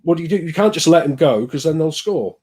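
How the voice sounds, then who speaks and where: A man co-hosting a football podcast, talking in an animated, exasperated way and thinking out loud. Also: a little high, fast. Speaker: podcast co-host. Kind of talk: casual football chat.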